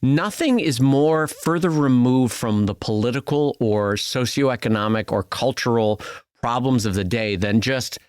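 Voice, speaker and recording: A man co-hosting a podcast, chatting casually in a playful, animated way. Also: mid-range voice, measured pace, clean tone, dry recording. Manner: animated, playful, jokes around. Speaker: podcast co-host. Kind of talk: casual chat.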